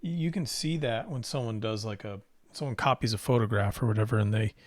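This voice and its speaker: A man's voice: fairly low pitch, brisk, dry recording. Easygoing man chatting about painting. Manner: easygoing, joking. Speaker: co-host and painter. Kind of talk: casual live-stream chat.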